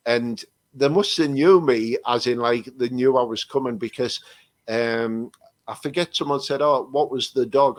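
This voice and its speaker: A man's voice: medium pitch, normal speed, dry recording. English guy rambling through stories on a video call, lots of restarts, dead dry sound. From England. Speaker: psychic medium guest. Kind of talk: casual chat.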